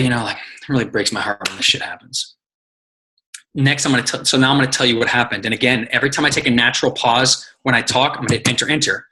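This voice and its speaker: A man coaching his team in casual, energetic talk, telling stories, acting out quotes and swearing freely. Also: medium pitch, poor audio. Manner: energetic, profane, storytelling with acted quotes. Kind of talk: casual motivational teaching.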